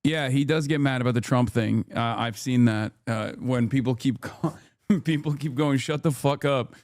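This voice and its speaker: A man's voice: mid-range voice, normal speed, darkish tone, dry recording, studio quality. A man reacting to clips on a stream, ranting in a profane, sarcastic way. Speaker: political streamer.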